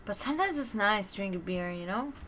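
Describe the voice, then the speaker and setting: A woman hosting a livestream, chatting casually with viewers and telling stories in a lively way, acting out the voices of the people in them. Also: medium pitch, fast, a little hiss or hum. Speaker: livestream host.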